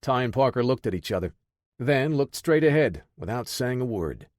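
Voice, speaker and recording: Reading a scripted military action audiobook, this male narrator uses a mid-range voice and tells the story in a steady, measured way. The studio sound is clean, with no room sound.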